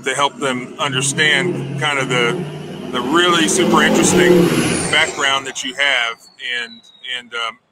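A man interviewing a guest at a town hall, halting and searching for words with lots of fillers. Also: medium pitch, very noisy. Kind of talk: casual interview questions.

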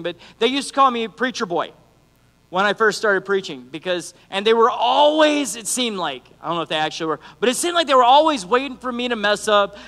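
A middle-aged man preaching a lively sermon as youth pastor, joking and acting out the people in his stories. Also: sits high. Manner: animated, acts out quotes, joking asides. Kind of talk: energetic sermon. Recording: long reverb of a church hall.

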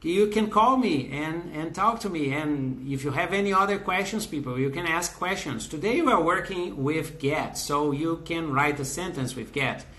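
A man's voice: fairly high pitch, animated, normal speed, hardly any pauses, a bit bright. A man in his fifties from Brazil with a Brazilian Portuguese accent, teaching a live online English class, greeting viewers by name and reading out their comments, with frequent fillers and restarts.

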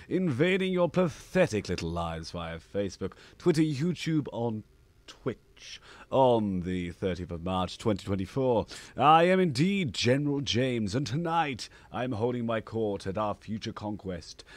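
A man hosts a game live stream in an over-the-top imperial manner, his pitch swinging widely. The sound is close and dry. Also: no echo. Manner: grandiose villain put-on, with laughing asides. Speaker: stream host.

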